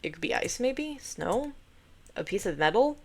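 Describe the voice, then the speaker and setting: A woman's voice: medium pitch, very animated, normal speed, darkish tone. A woman voicing a snarky but caring young brother, dry and teasing.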